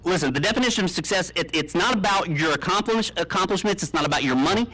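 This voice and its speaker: Deadpan joking man giving a commencement speech. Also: high voice, fast, poor audio. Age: 30s. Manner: deadpan tall tales with many ums. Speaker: commencement speaker. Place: graduation ceremony, speaking to an audience.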